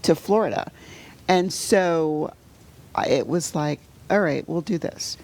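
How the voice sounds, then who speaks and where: A middle-aged woman with a low-pitched voice shares something painful from her life during an interview conversation. She halts, restarts, and leans on "you know," sometimes sinking to a soft near-whisper when the story hurts most.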